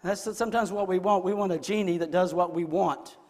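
A man preaching a sermon, moving between soft, intimate passages and loud, shouted declarations. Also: sits high, fairly even intonation, a little fast. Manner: swings from hushed to shouting. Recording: long reverb in a hall.

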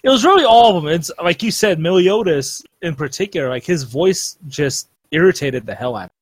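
A man's voice: a little high, expressive, brisk, no echo. A man chatting casually on a podcast, rambling with lots of fillers and restarts. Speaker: podcast co-host. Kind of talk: casual chat.

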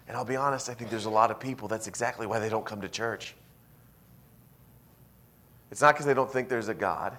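A man pastor preaching a sermon in a church, telling a story with animated swings from hushed, intimate lines to loud, emphatic ones. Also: on the low side, brisk, long pauses.

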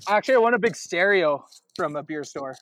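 A man's voice: high voice, expressive, brisk, fairly bright tone. A young Canadian man co-hosting a casual podcast, telling rambling stories full of restarts and swearing. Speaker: podcast co-host. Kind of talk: casual chat.

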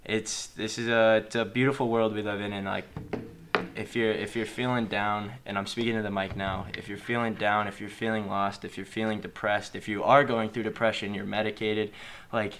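A man's voice: fairly low pitch, level tone, moderate pace, noisy background. A young man co-hosting a casual podcast, earnest and rambling, with lots of "like" and "bro". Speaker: podcast co-host.

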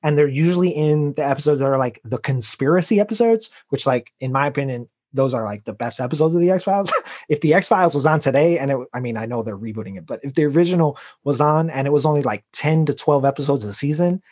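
A man co-hosts a casual comedy podcast, wandering through his points with plenty of fillers and quick laughs. His voice sits a little high for a man. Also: lively intonation, darkish tone. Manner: rambling, lots of likes and laughs. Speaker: podcast co-host.

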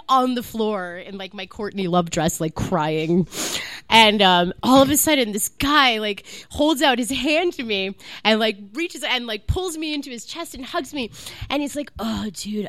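Woman comedian, live podcast guest, bubbly storyteller, laughs a lot, lively pitch, dry close sound. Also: no echo. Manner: bubbly, laughs often, "like" fillers. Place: live comedy club stage.

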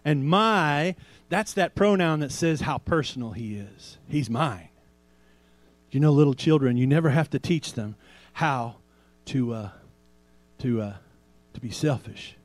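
A man pastor preaching a sermon in a conversational way, asking rhetorical questions and slowing down to stress quoted scripture. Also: mid-range voice, lively intonation, dry recording.

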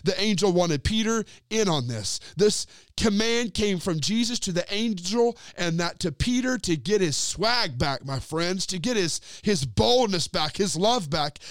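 A man preaching a sermon and retelling a scripture story, talking straight to his listeners and letting his sentences sink to low, quiet endings. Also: no echo, studio quality. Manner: addresses listeners directly as friends.

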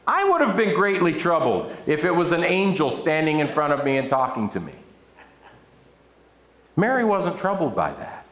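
Man, pastor, sermon, expressive preaching, lively pitch, echoey room. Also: moderate pace. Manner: expressive preaching with scripture reading and playful asides. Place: church room with an audience.

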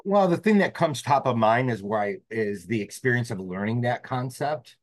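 A man's voice: mid-range voice, lively intonation, moderate pace, dry recording. A man, a podcast guest telling a personal story in an earnest, reflective way. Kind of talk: storytelling interview.

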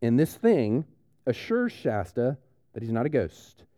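A man, preaching a conversational sermon and retelling a story with lively restarts. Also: mid-range voice, a little slow, dry recording, clean studio sound. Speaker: pastor.

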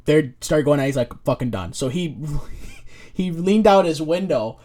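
A man's voice: on the high side, measured pace, dark tone. A man co-hosting a podcast, chatting casually and telling loose, profane stories into a podcast mic. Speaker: podcast co-host. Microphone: podcast microphone.

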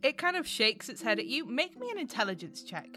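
A woman's voice: fairly high pitch, sing-song, a little fast, music in the background. A woman narrating a tabletop game as game master, describing scenes and laughing easily.

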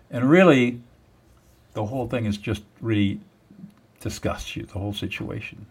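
A man's voice: on the low side, moderate pace, gravelly, pauses often, slightly rough. Emphatic man explaining a method. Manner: emphatic, repeats words, teaching step by step. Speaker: guest, mediator. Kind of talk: explanatory interview talk.

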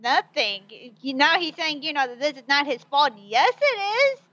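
A woman co-hosting a casual podcast chat, quick and emphatic with a sarcastic edge. Her voice is high and bright. The sound is dry but dull and lo-fi, as if it comes over an online call. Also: very animated. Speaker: podcast co-host.

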